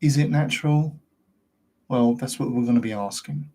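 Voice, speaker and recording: A man's voice: medium pitch, normal speed, warm tone. A British man hosting his own channel, talking straight to camera in a rambling, ranting monologue full of rhetorical questions. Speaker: host of a paranormal investigation channel.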